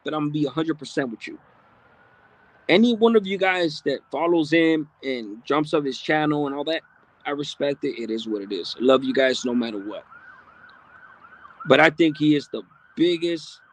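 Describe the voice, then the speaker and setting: A man's voice: fairly high pitch, animated, moderate pace. A man hosting a livestream, reading viewer comments aloud in a blunt, streetwise, casual way with frequent profanity. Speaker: livestream host.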